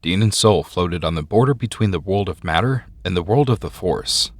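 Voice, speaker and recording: A man with a fairly low voice reads a sci-fi story aloud in a measured way. His pitch moves a lot across sentences. The recording is dry and close, with no room sound. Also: no echo. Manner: measured storytelling with expressive ups and downs. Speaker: narrator. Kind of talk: scripted audiobook narration.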